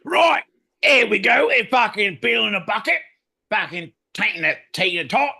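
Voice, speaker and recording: Cartoonishly high, shouty fake-Cockney lad who swears constantly. Boisterous and loud throughout. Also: male voice, animated, normal speed, creaky, breathy edge, exaggerated voice. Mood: rowdy. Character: rowdy, swearing mock-Cockney bloke, loud.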